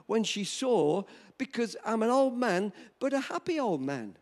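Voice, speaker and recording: A man in his seventies preaching a sermon, telling a personal story in an animated, chuckling way. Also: high-pitched, a little slow, hardly any pauses. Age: 70s. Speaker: pastor.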